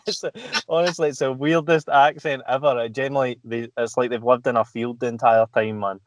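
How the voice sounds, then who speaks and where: Scottish male guest, mid pitch, swears freely, laughs mid-story. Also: steady tone, a little fast, few pauses. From Scotland. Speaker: podcast guest. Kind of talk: casual chat.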